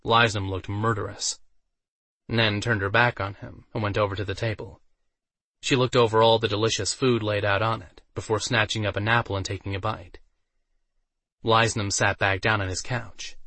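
A man's voice: on the low side, no echo. Man narrating a story, dry close sound. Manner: steady, even storytelling. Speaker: audiobook narrator. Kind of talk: scripted narration.

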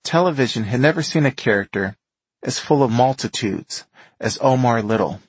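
Male documentary narrator, scripted narration, slightly husky, dry studio sound. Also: medium pitch, dry recording, low-quality recording.

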